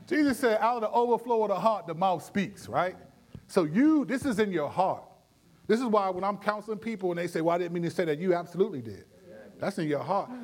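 Man, pastor, conversational teaching, animated, slightly higher voice. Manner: animated, with frequent restarts and playful voices.

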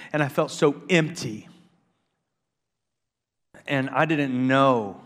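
A male pastor preaching a sermon in a church, swinging between loud, excited preaching and hushed intensity, emphatic and repetitive. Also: medium pitch. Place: church sanctuary. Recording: long reverb of a large hall.

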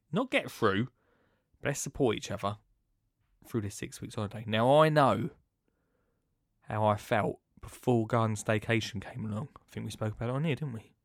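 A man's voice: on the low side, dry recording, studio quality. Rambling man, chatty podcast host. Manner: rambling, chatty, jumps between loud and hushed. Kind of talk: casual chat.

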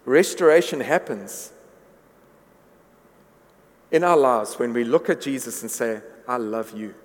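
A man's voice: medium pitch, expressive, measured pace. A man preaching a sermon to his congregation, earnest, often repeating words as he builds a point. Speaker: pastor. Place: church hall. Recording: long reverb of a large hall.

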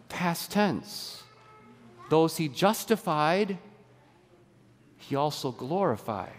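A man preaching a sermon as pastor, lively and conversational, drawing the congregation into a call-and-response exercise. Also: a little high, big-room sound. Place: church sanctuary.

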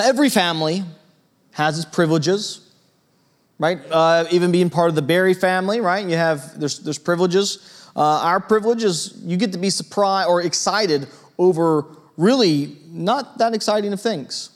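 A man preaching a sermon in a church, conversational and lively, with a storytelling manner and frequent asides to his listeners. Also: high voice. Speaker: pastor.

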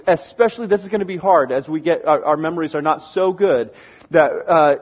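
Man, sermon, husky, earnest pleading emphasis, dull lo-fi sound. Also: high-pitched. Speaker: pastor.

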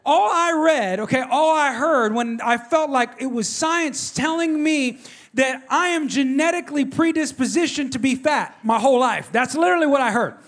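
A middle-aged man, preaching a sermon in an animated, conversational way and talking directly to his congregation. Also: very high voice, moderate pace. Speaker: pastor. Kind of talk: sermon with personal storytelling.

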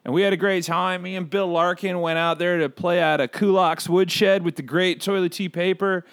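A man's voice: high-pitched, steady tone, moderate pace, fairly bright tone, clean tone, no room sound, studio quality. A man doing Chad, a brash rambling bird host. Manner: rambling, profane, punning, riffs on asides. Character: brash excitable male bird podcast host. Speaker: comedy podcast host. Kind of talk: comedic character monologue.

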